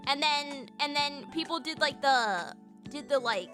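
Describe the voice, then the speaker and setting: Bubbly woman streamer, high voice, cusses a lot, chats with viewers. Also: measured pace, music in the background. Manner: bubbly, profane, chatty with viewers. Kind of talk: casual live-stream chat.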